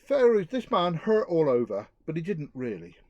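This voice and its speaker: A middle-aged man giving an earnest outdoor talk to a youth group, reflective and lively. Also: fairly high pitch, moderate pace, no echo, highs cut off. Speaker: youth speaker.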